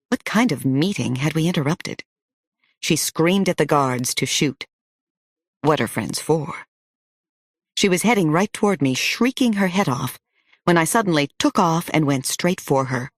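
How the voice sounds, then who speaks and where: A woman narrating a novel in the first person with steady storytelling. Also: low-pitched, no room sound, clean studio sound. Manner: steady storytelling, rising to shouts in dialogue. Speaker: audiobook narrator.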